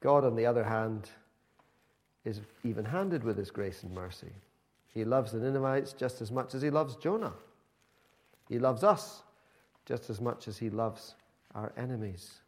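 A man's voice: medium pitch, lively intonation, normal speed, pauses often. A man preaching a sermon in a conversational, emphatic storytelling manner.

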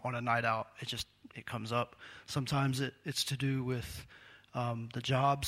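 Gravelly conversational male preacher. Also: medium pitch, fairly bright tone. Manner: conversational, self-deprecating, laughs often. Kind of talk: sermon.

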